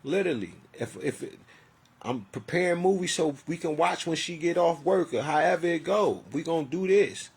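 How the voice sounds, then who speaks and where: Gravelly husky guy in his 40s, rambling and cussing, pouring his heart out on a vlog. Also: a little high, animated, normal speed. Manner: rambling, profane, heartfelt storytelling. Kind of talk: emotional personal monologue.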